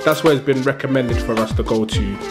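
A man's voice: mid-range voice, fairly quick, music in the background. A young man hosting a food vlog in a laid-back, jokey way, drawing out his words. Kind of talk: casual vlog chat.

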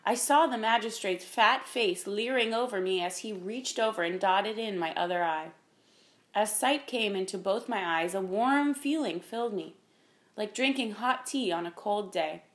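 Calm and measured, a woman with a mid-range voice narrates a children's story as an audiobook reader.

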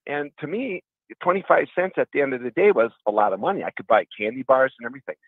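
Calling in on the phone, this Wisconsin man in middle age speaks quickly in a slightly rough, mid-range voice. His earnest, rambling anecdotes about earlier years come through a tinny line with no room sound.

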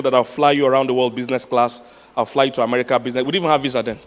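A man preaching a sermon as pastor, telling stories with laughs and repeating his key points for emphasis. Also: mid-range voice. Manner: storytelling with laughs, emphatic repetition. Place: large church hall. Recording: long hall reverb.

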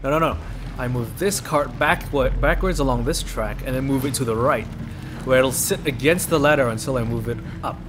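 A man's voice: mid-range voice, normal speed, background noise. A man doing casual gameplay commentary, thinking aloud, joking and cursing at the game. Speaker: let's play commentator. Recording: game music under voice.

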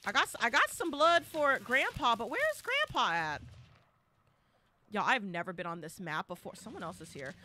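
A woman streaming a horror game live, giving excitable commentary full of loud exclamations and repeated cheers. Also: fairly high pitch, normal speed.

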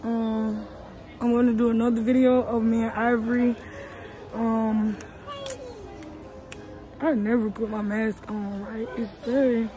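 A young woman, a mother, chats casually to her viewers while browsing a large store. Her voice sits a little high, and she talks straight into a handheld phone. Faint store music plays behind her. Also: flat delivery, measured pace, long pauses, poor audio. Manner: chatty, addresses viewers as y'all. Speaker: vlogger, mother. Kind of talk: casual vlog while shopping.

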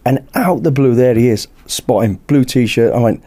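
A British man, a podcast guest, telling a lively anecdote in casual chat and acting out the dialogue. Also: medium pitch, normal speed. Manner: lively anecdote-teller who acts out dialogue. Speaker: podcast guest, former bodyguard.

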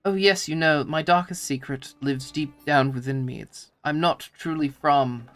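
A man's voice: a little high, a little slow, fairly bright tone, faint music behind. A man voicing a male sailor who confesses to faking a posh accent, in a mock-solemn manner.

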